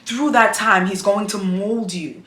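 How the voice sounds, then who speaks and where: A woman's voice: medium pitch, fairly even intonation, unhurried, a bit bright, echoey room. A woman vlogger talking to her viewers about faith, emotional and encouraging, speaking in a repetitive preaching cadence. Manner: addresses viewers as "girl". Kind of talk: heartfelt faith-based talk to camera.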